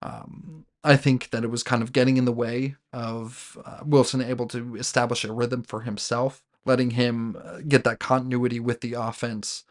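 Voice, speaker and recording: A man hosts a sports podcast, casually recapping his team's game solo and calling the team "we" like the fan he is. He rambles with many fillers, restarts and self-corrections, in a mid-range voice with little pitch movement, at normal speed and hardly pausing.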